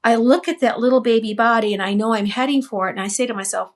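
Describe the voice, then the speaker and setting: A woman's voice: on the high side, fast talker, few pauses. An older woman, a guest on an interview, telling a personal story earnestly in a flowing way, often repeating and restarting her words.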